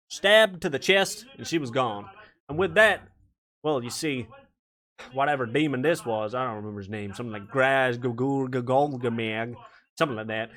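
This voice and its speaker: A man's voice: mid-range voice, fairly bright tone, natural voice. Southern backwoods murderer, casual and boastful, acted by a man.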